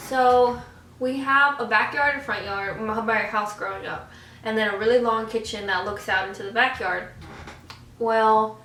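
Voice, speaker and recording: Animated young woman telling stories, roomy echo. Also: on the high side, distant mic, a little hiss or hum. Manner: animated, acts out scenes and voices. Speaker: vlogger. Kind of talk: casual storytelling over a meal.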